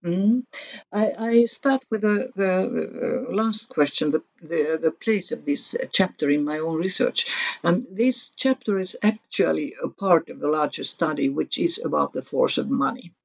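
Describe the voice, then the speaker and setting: A woman guest author explaining her research chapter in an academic interview, measured with restarts. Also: low-pitched, creaky, no echo, poor audio.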